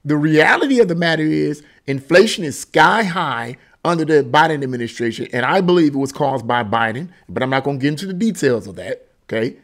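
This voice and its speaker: A man's voice: a little high, expressive, brisk, hardly any pauses, a bit bright. A man hosting a political commentary channel, talking casually and emphatically about a news article and often repeating himself.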